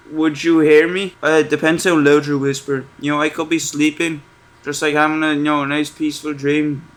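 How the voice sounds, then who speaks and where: A young man doing casual, joking commentary on a horror game, reading its questions aloud slowly and answering sarcastically. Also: fairly high pitch, fairly bright tone. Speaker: gaming streamer.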